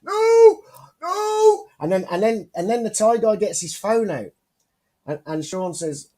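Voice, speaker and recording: A man's voice: high-pitched, moderate pace. A man co-hosting a casual chat show, telling stories and swearing constantly. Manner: swears constantly, animated storyteller. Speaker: podcast co-host.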